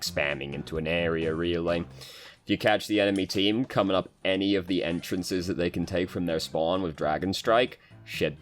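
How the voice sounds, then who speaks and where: A young man casually commentating over gameplay as a coach, relaxed, with frequent fillers and casual swearing. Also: sits low. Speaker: game coach reviewing gameplay.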